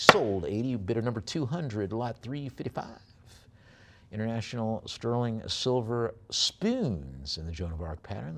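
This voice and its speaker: A male auctioneer calling a live auction, rattling off bids quickly and describing each lot more slowly with frequent fillers. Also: mid-range voice, creaky, a bit bright. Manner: rapid bid calling between slower item descriptions with many fillers.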